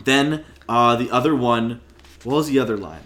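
A woman with an unusually deep voice joins a casual movie chat. She talks in a relaxed way and is easily amused. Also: moderate pace. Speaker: podcast co-host.

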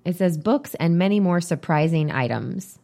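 Low-voiced woman chatting casually. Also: expressive, moderate pace, vocal fry, mellow. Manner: rambling, reads items aloud from a list. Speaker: podcast co-host. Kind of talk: casual chat.

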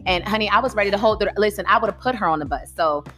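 Animated storytelling woman podcast host. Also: mid-range voice, rapid-fire, faint music behind. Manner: animated, acts out customers in voices. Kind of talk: casual chat, storytelling.

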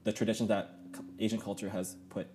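A man's voice: fairly low pitch, flat delivery, fast talker, dark tone, a little hiss or hum. A man in his thirties, a podcast guest telling his story in a rambling casual chat full of fillers and restarts.

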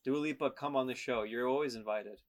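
A man's voice: mid-range voice, brisk, a crowd in the background. Playful young man hosting a podcast. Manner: playful, jokey, mock-grand delivery. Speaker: podcast host. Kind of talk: casual chat.

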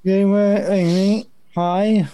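A man co-hosting a gaming podcast, giving short, unhurried replies in casual chat. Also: high-pitched, little pitch movement, dark tone, clear, resonant tone, no echo. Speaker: podcast co-host.

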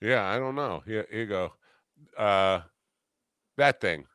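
A man's voice: on the low side, expressive, slow pace, a bit bright, clean tone, no echo. A man hosting a podcast in casual chat, easygoing and self-deprecating. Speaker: podcast host.

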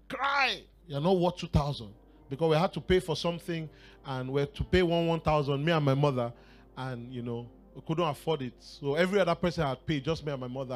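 A man with a Nigerian accent and a fairly high-pitched voice preaches a sermon in church. He tells a personal story, laughing and shouting exclamations along the way.

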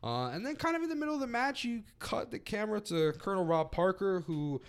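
A man's voice: high voice, very animated, fast, smooth. A man co-hosting a podcast, casually recapping a wrestling event, rambling with many fillers. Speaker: podcast co-host.

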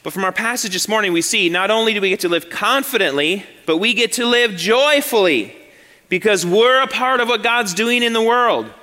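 A man's voice: high-pitched, expressive, moderate pace, sharp tone. Male pastor, sermon, repeats key phrases, rhetorical questions, church sanctuary, long reverb.

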